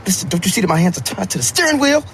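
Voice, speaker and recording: A terrified cab driver, tied up and rushing out frantic pleas at a very fast pace. His voice sits high and strained with fear. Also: big pitch swings, vocal fry, a bit bright, slight background noise, heavily acted. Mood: pleading. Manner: rushed, pleading. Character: frightened male cab driver tied up, pleading.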